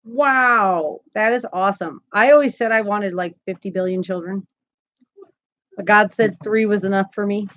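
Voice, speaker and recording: A woman's voice: mid-range voice, normal speed, a bit bright. Woman, thirties, crochet stream host, chatty, giggly, reads comments aloud, dull lo-fi stream sound. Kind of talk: casual live-stream chat. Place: home.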